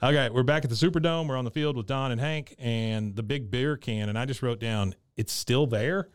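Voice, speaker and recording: A podcast co-host casually recaps a cartoon episode, retelling scenes and quoting the characters' lines in his own voice. His medium-pitched voice is clear and resonant, moving at a normal speed with no echo.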